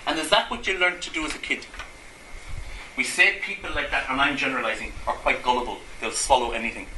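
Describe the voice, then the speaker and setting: A Gestalt therapist with a bright, forceful, mid-range voice talks quickly to a live audience in a room, with slight background noise, echo and faint ambience. He poses rhetorical questions and acts out everyday examples.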